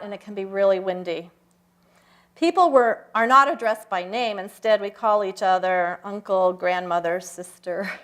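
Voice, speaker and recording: An older woman giving a personal talk at a church service, telling stories reflectively with slow, emphatic pauses. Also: a little high. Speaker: guest speaker. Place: church sanctuary.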